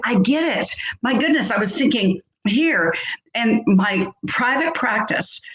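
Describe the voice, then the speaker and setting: A woman's voice: on the high side, fairly bright tone. A woman in her sixties, a health coach giving an emphatic motivational talk on the radio and repeating phrases for effect. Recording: roomy echo.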